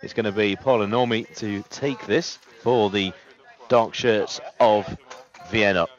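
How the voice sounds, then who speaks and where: A man doing live play-by-play sports commentary, steady and detailed, with frequent "uh" fillers. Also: lowish voice. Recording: lo-fi, muffled sound.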